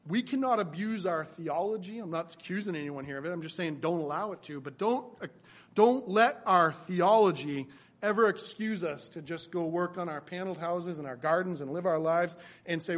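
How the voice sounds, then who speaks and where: A man with a notably high voice delivers a sermon from the pulpit. He preaches earnestly and repeats key phrases for emphasis, rising and falling as he drives his points home. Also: normal speed. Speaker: pastor.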